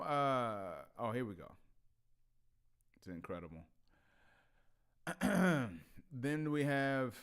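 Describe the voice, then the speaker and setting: A man's voice: mid-range voice, smooth. A man hosting a casual commentary vlog who laughs often and stammers through restarts. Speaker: vlog host.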